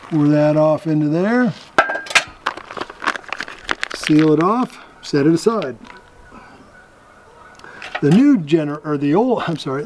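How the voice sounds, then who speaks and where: Chatty vlog host, man, a bit higher voice, chuckles a lot; noisy home recording. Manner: chatty, chuckles often, thinks aloud. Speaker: vlog host reviewing military rations. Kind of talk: casual show-and-tell commentary.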